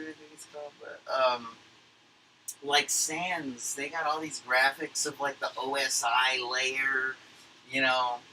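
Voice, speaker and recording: At home at his computer, a man livestreams a recap of a conference in a loose, wandering monologue packed with fillers and casual profanity. His middling-pitched voice sounds very bright, with a faint background hiss and poor audio quality overall.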